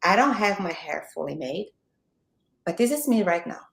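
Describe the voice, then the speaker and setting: A woman's voice: on the low side, lively intonation, normal speed, gravelly, a bit bright, reverberant. Brazilian-accented woman giving emphatic advice. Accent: Brazilian Portuguese. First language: Portuguese. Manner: emphatic, encouraging, direct advice. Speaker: guest, marketing mentor. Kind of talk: motivational interview talk. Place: home, morning video call.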